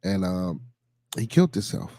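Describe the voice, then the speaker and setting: A man with a Chicago accent hosting a solo podcast in a relaxed, chatty way, repeating shout-outs and leaning on fillers. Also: deep voice, moderate pace, no echo. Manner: laid-back, repetitive shout-outs and fillers. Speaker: podcast host. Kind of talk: casual solo podcast chat.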